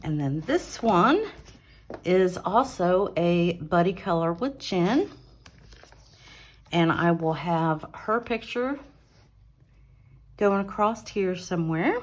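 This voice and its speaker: A woman with a slightly low voice talks slowly and easily as she shows her colored pages. She chats casually, with fillers and small restarts. She is recorded on a phone held on an arm at her craft table at home. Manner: chatty and relaxed, with fillers and self-corrections. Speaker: adult coloring channel host. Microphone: phone on an arm mount.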